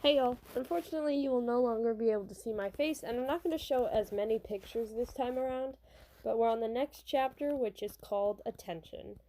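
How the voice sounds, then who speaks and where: A woman's voice: a little high, fairly quick, mellow. A young woman casually reviewing a manga from her college dorm room, chatty and rambling. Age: young adult. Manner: chatty and rambling, with restarts and fillers.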